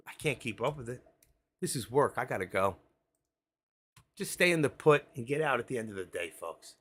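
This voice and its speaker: A man giving excitable, frantic live commentary on his options trades, talking straight to viewers. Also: medium pitch. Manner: excitable, frantic, swears mildly, talks to viewers as folks.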